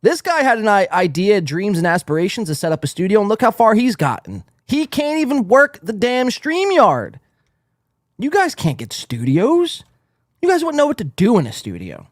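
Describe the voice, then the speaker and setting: A man's voice: high-pitched, wildly swooping pitch, brisk, no echo, clean studio sound. A young man hosting a podcast in casual chat, brash, teasing and profane. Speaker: podcast host.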